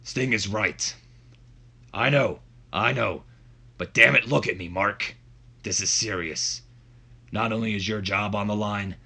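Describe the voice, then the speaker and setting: A man's voice: low-pitched, breathy edge, exaggerated voice. Man doing a pleading, furious old wrestling boss. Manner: shouting, pleading, half-mocking impression.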